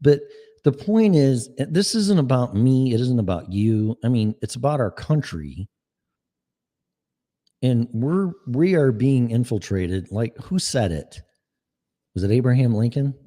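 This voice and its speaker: A man's voice: mid-range voice, sing-song, measured pace, dark tone. A man, giving a profane, sarcastic, exasperated political rant. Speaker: political commentator. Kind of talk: ranting monologue.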